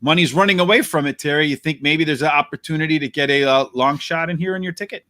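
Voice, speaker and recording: A man hosting a horse racing preview, walking through post positions, pace and jockeys in a brisk, analytical way. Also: fairly high pitch, bright, forceful tone, dry recording. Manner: brisk, analytical, addresses co-host by name. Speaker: racing handicapper host.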